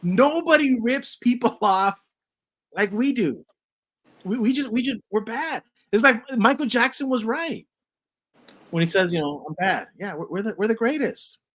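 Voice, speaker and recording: A man's voice: high voice, lively intonation, unhurried, a bit bright. A man hosting a casual chat podcast, rambling through stories with lots of fillers. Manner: rambling, many fillers and restarts. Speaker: podcast host.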